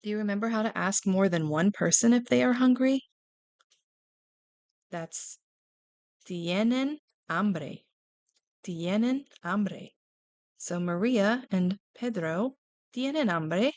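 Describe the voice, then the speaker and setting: A woman teaching a beginner Spanish lesson for children, gently asking questions about pictured characters. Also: mid-range voice, moderate pace, dry recording.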